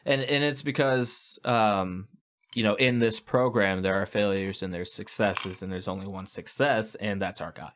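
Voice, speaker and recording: A man's voice: fairly low pitch, moderate pace, fairly bright tone. A man co-hosting a podcast, rambling with hesitations and swearing as he talks through films. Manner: rambling, hesitant, full of "you know" and swearing. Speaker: podcast co-host. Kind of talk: casual movie chat.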